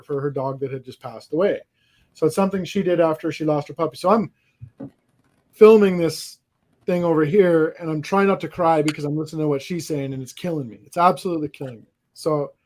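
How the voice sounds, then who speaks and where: A man's voice: fairly high pitch, a little mellow. A man hosting a casual podcast, telling a long rambling story with lots of restarts. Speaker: podcast host.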